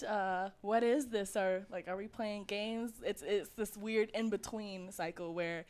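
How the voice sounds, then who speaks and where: A woman's voice: medium pitch, measured pace. A woman singer-songwriter from New Orleans, chatting in a rambling, easygoing way as a guest on a radio show. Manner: chatty, rambling storyteller, laughs easily. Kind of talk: casual chat on radio. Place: radio studio.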